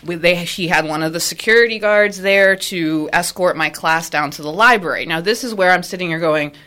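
A woman, a high school physics teacher, telling a personal story in a casual way, acting out the people she quotes. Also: a little fast. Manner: animated, acts out quoted people with jumps in pitch.

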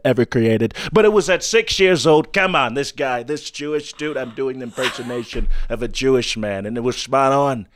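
A male comedian chatting animated and loose as a guest, slipping into impressions now and then. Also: mid-range voice, dry recording, studio quality. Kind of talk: casual interview chat.

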